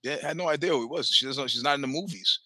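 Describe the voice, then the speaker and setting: Very bright-voiced man telling stories. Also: medium pitch, fast talker, slightly rough, no room sound. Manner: profane, animated, acts out quoted voices. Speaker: podcast host telling stories. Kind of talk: casual storytelling.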